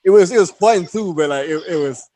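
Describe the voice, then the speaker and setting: A man, hosting a podcast and telling stories in casual chat, animated and laughing often as he acts out voices. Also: high voice, brisk. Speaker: podcast host.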